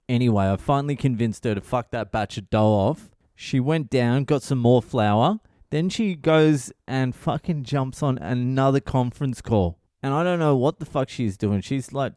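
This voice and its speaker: A man's voice: mid-range voice, normal speed, few pauses, a little mellow, clear, resonant tone, no room sound, studio quality. Tired, profane man telling a story. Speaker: podcast host, comedian. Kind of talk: casual solo monologue.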